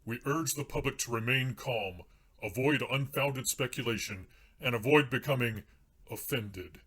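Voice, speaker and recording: A man's voice: medium pitch, fairly bright tone, lightly acted. A man voicing a pompous male TV news anchor with a stiff, formal newsreader delivery.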